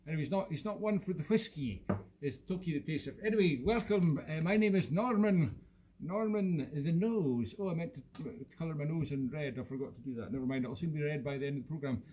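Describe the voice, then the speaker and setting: A man doing a boozy, rambling whisky expert with a put-on Irish-sounding lilt, who jokes at his own expense. The voice sits fairly high but sounds mellow and soft. It is a home live-stream recording with a faint hiss behind it. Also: brisk, close to an everyday voice, poor audio. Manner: rambling, self-mocking, jokey. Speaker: host. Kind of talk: comic live-stream character monologue.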